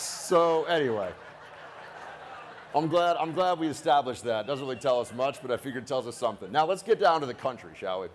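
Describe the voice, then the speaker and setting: A man's voice: mid-range voice, lively intonation, fairly quick, a little hiss or hum. A man, a radio host, giving a political rally speech with a joking, anecdotal storytelling manner.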